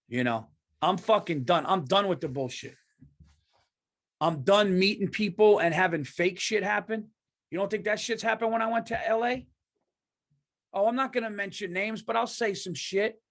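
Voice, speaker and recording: Male podcast host, high-pitched, ranting hard with swearing and emphatic stress. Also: moderate pace, fairly bright tone. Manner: profane, emphatic, worked up. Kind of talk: heated comedic rant.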